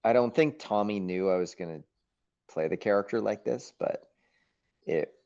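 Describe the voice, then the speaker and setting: A man being interviewed as an actor, telling stories in a lively, casual way, acting out his own thoughts and swearing now and then. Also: fairly low pitch, normal speed, gravelly. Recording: muffled, dull sound.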